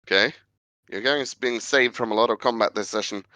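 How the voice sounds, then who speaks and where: A man's voice: mid-range voice, fairly quick, bright, forceful tone, no room sound. A man running a tabletop role-playing game as game master, narrating the scene in a chatty way with lots of fillers.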